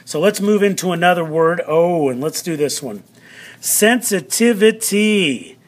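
A male teacher giving a vocabulary lesson to students, drawing out words slowly and checking in often. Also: fairly high pitch. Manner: slow, drawn-out word pronunciation with frequent "all right" check-ins.

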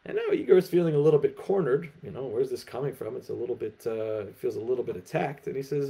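Gravelly-voiced man teaching Torah. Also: medium pitch, quick pace, hardly any pauses. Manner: animated, emphatic storytelling. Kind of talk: lecture at an online festival.

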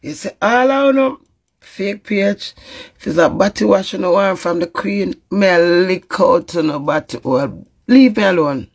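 A woman's voice: medium pitch, unhurried. A Jamaican woman in an emotional live-stream rant, pleading and emphatic and swearing often. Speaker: social media personality.

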